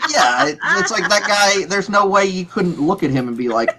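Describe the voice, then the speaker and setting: A man's voice: sits high, expressive, normal speed, hardly any pauses, sharp tone. A man co-hosting a casual chat who rambles, repeats words and slips into playful impressions. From Pittsburgh area. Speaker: podcast co-host.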